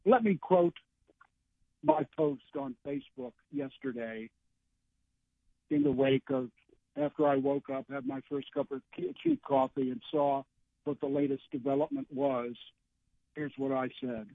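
A man's voice: mid-range voice, big pitch swings, unhurried, vocal fry, long pauses, no echo. A man in his sixties calling in to a radio show, wry and rambling as he tells a story, with frequent restarts. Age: 60s. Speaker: caller. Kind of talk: call-in radio chat. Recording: phone line.

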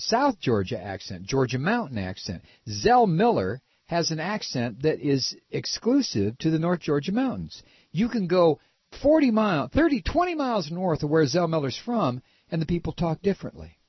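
An older man from Ohio with a nasal voice, talking casually and halting with many repeated restarts. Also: on the high side, sing-song, slightly rough, dry recording. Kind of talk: casual opinion talk. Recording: dull lo-fi recording.

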